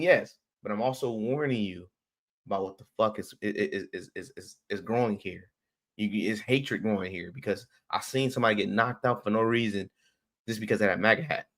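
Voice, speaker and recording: A man's voice: mid-range voice, a bit bright. A man streaming a heated commentary rant, blunt and profane, who repeats his words and restarts sentences as he presses his point.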